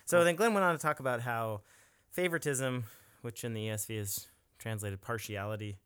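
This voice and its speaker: A man's voice: medium pitch, a little fast, a bit bright, smooth, dry recording, clean studio sound. A man co-hosting a church podcast, chatting casually and thoughtfully, laughing now and then. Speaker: podcast co-host.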